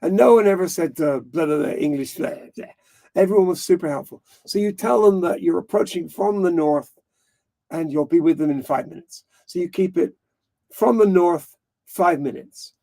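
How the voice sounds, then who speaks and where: A man's voice: high-pitched, normal speed, gravelly, dark tone. A man hosting a live stream, chatting casually in a rambling way, often correcting himself and laughing. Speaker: livestream host.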